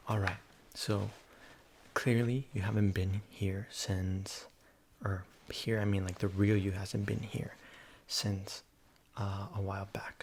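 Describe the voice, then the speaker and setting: A man in a whispered role-play, rambling softly with lots of fillers and coaxing the listener to repeat silly names after him. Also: fairly low pitch, a little hiss or hum. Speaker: ASMR creator.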